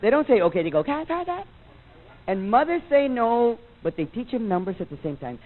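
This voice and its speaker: A Mexican-American man doing stand-up, his high voice jumping all over as he slips between English and Spanish and acts out his relatives. The sound is thin and tinny, like an old taped television broadcast. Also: very animated, fairly quick. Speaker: stand-up comedian. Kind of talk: stand-up comedy set. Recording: tinny, phone-like VHS broadcast audio.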